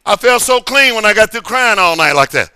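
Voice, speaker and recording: A middle-aged man pastor preaching a sermon in a church service, emphatic and repetitive, swinging between sudden shouts and quiet asides. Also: high-pitched, animated, brisk, smooth. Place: church sanctuary during a service.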